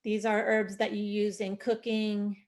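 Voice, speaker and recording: A woman's voice: mid-range voice, level tone, unhurried, darkish tone. A woman presenting an online gardening workshop on a video call, explaining in a chatty, informal way with fillers. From Delaware, USA.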